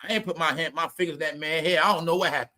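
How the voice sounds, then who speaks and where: A man doing casual, comedic celebrity gossip commentary, talking loudly, swearing, repeating names and laughing at his own jokes. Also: on the high side, steady tone, racing.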